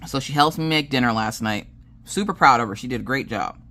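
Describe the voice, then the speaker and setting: A woman with a rumbling low, slightly bright voice and a Southern American accent talks a little fast as she crafts for her channel. She chats casually, telling long family stories, acting out everyone's dialogue, and swearing freely.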